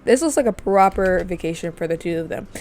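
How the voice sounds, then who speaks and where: A woman's voice: on the low side, expressive, a little fast, darkish tone, faint music behind. Chatty woman narrating a life-sim game. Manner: chatty, storytelling. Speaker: gaming video host. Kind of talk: let's play commentary.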